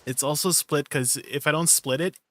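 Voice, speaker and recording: A man's voice: a little high, moderate pace, fairly bright tone, dry recording. Playful male streamer chatting with viewers. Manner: playful, laughs often, talks to chat. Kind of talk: casual live-stream chat with viewers.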